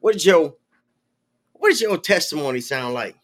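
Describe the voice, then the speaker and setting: A man hosting a casual podcast, relaxed and giving short prompting questions and reactions. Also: a little high, moderate pace. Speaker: podcast host. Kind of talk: casual interview.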